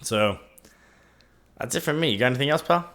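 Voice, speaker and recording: A man's voice: medium pitch, lively intonation, fairly quick, a bit bright. A young man co-hosting a podcast in casual chat, playful and jokey with his co-host. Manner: playful, jokey, sings out goodbyes.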